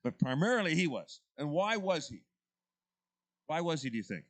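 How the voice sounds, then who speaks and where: A man's voice: fairly high pitch, sing-song, normal speed. A man leading a church Bible study class, talking through the text in a conversational way and putting questions to the group.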